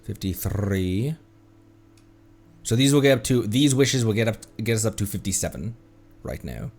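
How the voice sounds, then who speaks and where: A man's voice: on the low side, animated, normal speed, a little mellow, faint music behind. A young man streaming a game, chatting casually and thinking aloud in a playful way. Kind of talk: casual gaming commentary.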